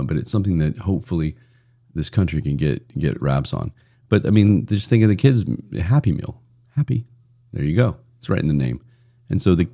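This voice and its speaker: A man's voice: deep voice, creaky, dark tone. A man hosting a solo podcast in a casual, blunt and profane way, rambling with frequent restarts. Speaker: podcast host.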